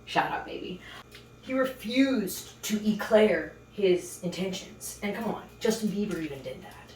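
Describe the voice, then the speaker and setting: A woman's voice: medium pitch, expressive, a little slow, a little mellow, recorded from a distance. A woman hosts a home baking show and spills her dating stories in a chatty, sassy voice. She slips in puns as she works. She sits back from the mic in a roomy kitchen with a faint hum behind her. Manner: chatty, sassy, punning asides. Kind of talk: casual storytelling while baking.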